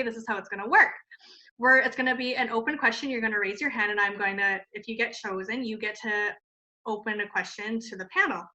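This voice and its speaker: In an interview, a Canadian woman who founded a cosmetics company tells an animated story, laughing often and saying "like" constantly. Her voice is mid-range, and the recording sounds muffled and lo-fi.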